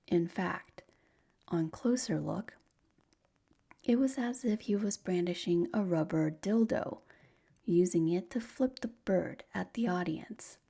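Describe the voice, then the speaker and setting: A woman narrating a sleep story as whispered role-play, in a slow, soft, breathy whisper. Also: on the low side.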